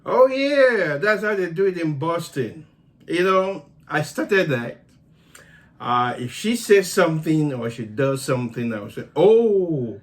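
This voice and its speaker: A man talks slowly and playfully as he teases his wife back. His voice is a bit high for a man and swings widely in pitch. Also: very animated. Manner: slow, playful, teasing back. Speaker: co-host of a couple's channel. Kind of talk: casual chat.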